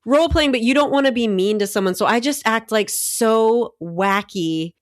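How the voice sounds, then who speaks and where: A woman's voice: on the high side, quick pace, no echo, clean studio sound. A woman co-hosting a money podcast, chatting in a playful, jokey way. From American South. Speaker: podcast co-host. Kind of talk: casual chat.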